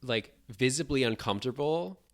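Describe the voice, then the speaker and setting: A podcast co-host chatting casually, telling stories in an animated way and acting out quotes. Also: medium pitch, moderate pace. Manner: animated, lively storytelling with acted-out quotes. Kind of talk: casual chat.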